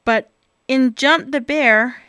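A woman reading a children's picture book aloud with expressive, animated delivery. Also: sits high, slow pace, smooth, dry recording, studio quality. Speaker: storyteller.

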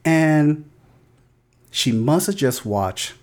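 A man's voice: medium pitch, expressive, normal speed, a little mellow. A man in his thirties co-hosting a podcast, telling a loose, profane anecdote with lots of fillers. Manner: loose storytelling with frequent swearing and fillers. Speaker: podcast co-host. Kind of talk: casual chat and anecdote.

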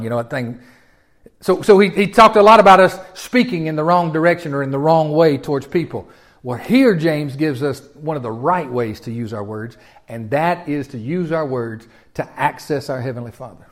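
A man preaching a sermon in a folksy, animated way, often asking his listeners questions. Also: sits high. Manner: folksy and animated, with repeated restarts and audience questions. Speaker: pastor.

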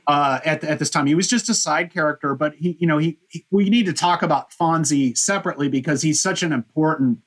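A man's voice: a little high, a little fast. A man hosting a podcast, casually rambling through a history with lots of "you know" fillers. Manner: rambling, many fillers and restarts. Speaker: podcast host. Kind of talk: casual chat, historical overview.

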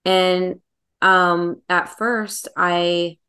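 A woman's voice: fairly low pitch, fairly even intonation, very slow, pushed and bright, smooth. A woman hosting an interview, thoughtful and searching for her words. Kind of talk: reflective interview conversation.

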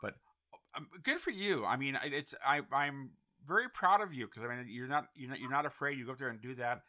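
Bright-voiced enthusiastic male host. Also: medium pitch, animated, brisk. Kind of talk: casual interview chat.

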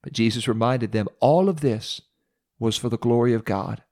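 A male preacher in the middle of a story sermon, his voice sitting at an ordinary middle pitch. He retells scripture dramatically, with emphatic repetition and lively pauses.

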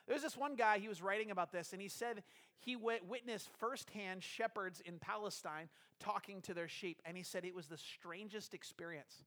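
A man with a notably high voice for his sex preaches to his congregation. He talks conversationally and keeps posing rhetorical questions as he walks through a scripture passage. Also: moderate pace, a bit bright. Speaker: pastor. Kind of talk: sermon.

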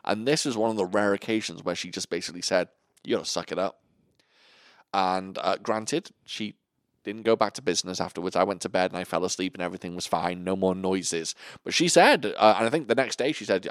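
A podcast host with a low voice tells stories in animated, casual chat, swearing a lot and acting out different voices. He talks a little fast, and the sound is clean studio audio with no echo.

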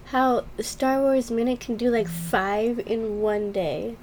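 A young woman co-hosting a podcast, telling stories in a tired, deadpan casual way. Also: on the high side, slow, a little hiss or hum. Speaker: podcast co-host. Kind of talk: casual chat.

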